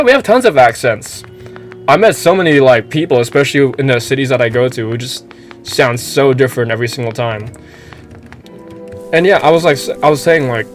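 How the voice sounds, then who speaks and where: A man from the Philippines with an American-sounding accent, giving casual, rambling let's-play commentary and swearing freely. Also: a little high. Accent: American-sounding English. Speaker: streamer playing a game.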